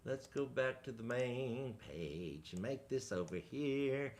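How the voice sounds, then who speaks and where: A man's voice: mid-range voice, lively intonation, takes it slowly, a little mellow, a little hiss or hum. A man hosting a casual livestream, chatty and joking at his own expense. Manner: chatty, joking, self-deprecating. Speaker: host.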